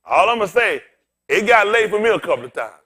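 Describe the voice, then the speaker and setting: This pastor's voice is high, husky and a little fast. Bald and getting on in years, he preaches a funny, conversational sermon, animatedly joking with the congregation and talking right to them.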